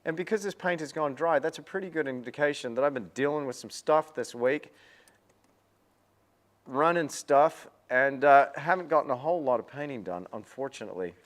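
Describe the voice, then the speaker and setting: A man's voice: mid-range voice, normal speed. A man hosting a casual painting livestream, chatty and upbeat, often repeating words, with a self-deprecating manner.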